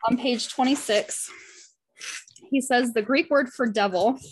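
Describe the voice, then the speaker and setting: A woman's voice: a little high, measured pace, slight background noise. A woman leading a casual Bible study, reading passages aloud and talking about them in an earnest, heartfelt way. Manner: earnest and heartfelt, chatty with frequent "like".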